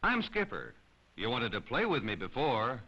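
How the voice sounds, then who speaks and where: Brief: sulky pet dog, voiced by a male narrator in a storybook, lively pitch, lo-fi sound. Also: normal speed, exaggerated voice. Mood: pleading. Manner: grumbling, stubborn. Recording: slightly dull lo-fi recording.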